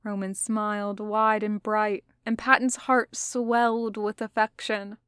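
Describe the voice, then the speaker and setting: Slow, soft-paced woman reading fan fiction. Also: mid-range voice, little pitch movement, clean tone, no echo, studio quality. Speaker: podfic reader. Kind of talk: fan fiction audiobook narration.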